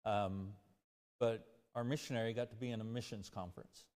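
A man's voice: lowish voice, steady tone, fairly quick, darkish tone. A man preaching, earnest as he draws a lesson from a story. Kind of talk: sermon. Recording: long church hall reverb.

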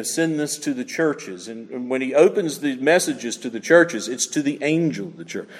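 A man preaching with a lively, rising and falling voice that sits a little high. He swings from loud emphatic lines to hushed asides. His voice rings through a reverberant church hall. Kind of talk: sermon.

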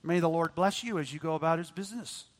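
A man's voice: on the high side, quick pace, in a large hall, lightly acted. A man playing a greedy, petulant king. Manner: petulant, demanding.

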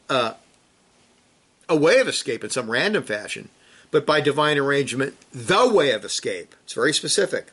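A man preaching with a bright, forceful voice pitched a little above the usual. He reads scripture aloud and presses his listeners with urgent rhetorical questions. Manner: reads scripture quotations aloud with rising emphasis. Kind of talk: sermon.

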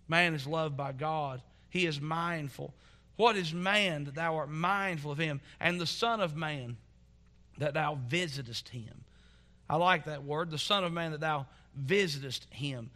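A man preaching a sermon in a church as pastor, earnest and building to fervent emphasis, then dropping to soft asides. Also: on the high side, unhurried.

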